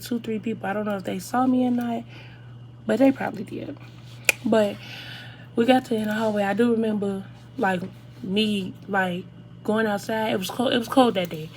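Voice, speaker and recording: An eighteen-year-old woman, telling a casual storytime to viewers in an animated, chatty way. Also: mid-range voice, slight background noise. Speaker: vlogger.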